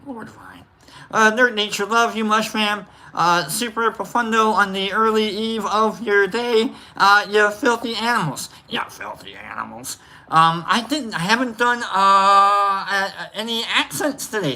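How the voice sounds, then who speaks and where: A woman's voice: medium pitch, moderate pace, sharp tone. A woman co-hosting a livestream, casually reading out chat names with rambling, playful asides and sudden whoops. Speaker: livestream co-host.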